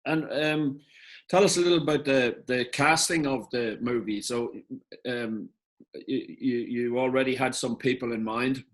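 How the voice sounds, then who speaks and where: A man's voice: medium pitch, steady tone, a little slow. A man interviewing a director at a festival Q&A, asking questions hesitantly with fillers and repeats.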